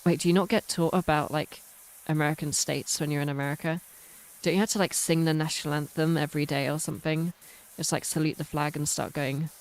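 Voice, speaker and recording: A woman's voice: deep voice, fairly even intonation, a little fast. A British woman streaming a game, chatting casually in rambling, self-mocking tangents. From United Kingdom. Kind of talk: casual chat while playing a game.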